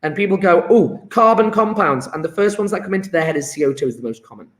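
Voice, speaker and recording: A high-voiced man teaching chemistry in an easygoing, encouraging way, peppering his talk with "yeah?". His voice rings in an echoey room. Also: lively intonation, racing. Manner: chatty, encouraging, fillers of "yeah?". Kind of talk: live online lesson.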